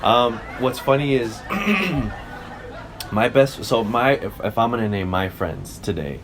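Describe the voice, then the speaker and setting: A man's voice: mid-range voice, expressive, slow, crowd noise, background noise. A young man co-hosting a podcast, telling stories in a loose, rambling way with swearing and self-corrections. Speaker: podcast co-host. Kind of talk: casual chat.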